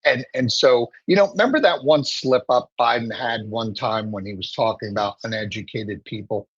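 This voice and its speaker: Husky male political commentator. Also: mid-range voice, normal speed, dry recording, muffled recording. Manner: emphatic, steady and opinionated. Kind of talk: political talk show commentary.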